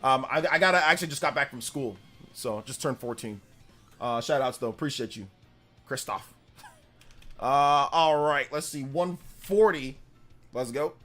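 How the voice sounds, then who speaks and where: Speaking at a moderate pace in a mid-range voice, a man pauses often as soft music plays behind him. He's in his forties, from Central California, and chats casually on a live stream, reading donations and loudly retelling stories with laughter, rambling and full of fillers.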